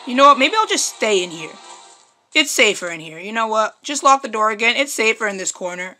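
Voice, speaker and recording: A young woman with a high, bright voice commentates a horror game, swinging from shrill screams to low, half-mumbled asides. Her voice is worn and strained from screaming, and faint game music plays behind her. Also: animated, brisk. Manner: jumpy, screams and shrieks at scares, then mutters quietly to herself. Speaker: gaming YouTuber.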